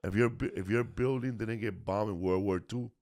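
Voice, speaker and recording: A middle-aged man with a fairly low voice, telling road stories at an easy pace. He keeps it loose and profane and drops "bro" all through. It sounds like two friends chatting on a podcast. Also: moderate pace, a little mellow. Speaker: podcast host, comedian. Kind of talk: casual storytelling chat.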